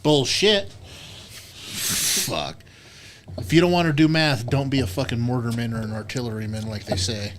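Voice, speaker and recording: A man's voice: mid-range voice, expressive, normal speed, a bit bright, a little hiss or hum. A man co-hosting a podcast, talking in blunt, profane casual banter. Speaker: podcast co-host. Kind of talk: casual chat.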